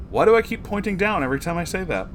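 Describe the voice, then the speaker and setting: A man's voice: sits high, sing-song, racing, a little hiss or hum. A man hosting his channel, reading a story aloud in a playful, chatty way.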